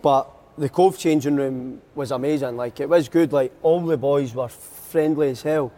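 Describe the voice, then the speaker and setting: A man's voice: medium pitch, normal speed, dark tone. A young Scottish man, a footballer telling stories in a casual podcast chat, laughing often. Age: young adult. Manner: chatty storyteller, laughs a lot.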